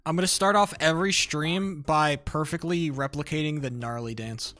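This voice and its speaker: A man's voice: on the high side, normal speed, pushed and bright, faint music behind. A young man chatting casually on a live stream, rambling, restarting sentences and swearing a lot.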